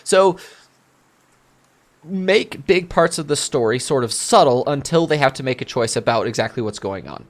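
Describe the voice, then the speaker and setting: Guy running a tabletop game, answering questions, mid pitch, restarts a lot, thinks out loud. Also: animated, normal speed. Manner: thinks aloud, restarts sentences often; explains with examples from his own campaign. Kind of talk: casual Q&A chat.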